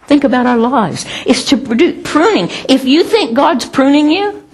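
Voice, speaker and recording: A woman's voice: high voice, animated, normal speed, a little mellow. A middle-aged woman preaching a sermon in a conversational, emphatic way with self-mocking humor.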